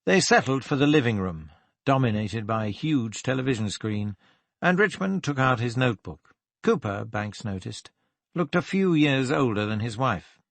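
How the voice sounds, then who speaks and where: A male audiobook narrator with a mid-range voice reads a crime story in an even, measured way. The sound is close and dry, with no room around it. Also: mid-range voice, dry recording. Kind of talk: scripted narration of a crime novel.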